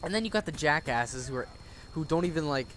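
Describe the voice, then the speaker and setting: Profane ranting teen gamer. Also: male voice, on the high side, lively intonation, fairly quick, a bit bright. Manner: rambling, profane ranting with many restarts. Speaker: gaming channel host. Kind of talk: casual gameplay commentary.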